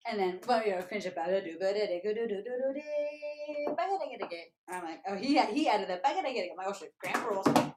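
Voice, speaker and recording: A woman tap dancer telling stories as an interview guest, lively and animated, often scatting rhythm syllables aloud to show her ideas. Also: mid-range voice, fast, background noise.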